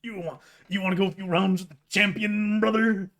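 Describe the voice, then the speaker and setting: A pompous young woman reimagined as a swaggering pro wrestler, as a man puts on the voice. The delivery is loud and drawn out, full of bravado, with a high-pitched strain. Every line lands like a taunt thrown at a rival. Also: steady tone, fairly quick. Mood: boastful. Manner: loud, drawling wrestler bravado, ends lines with "brother".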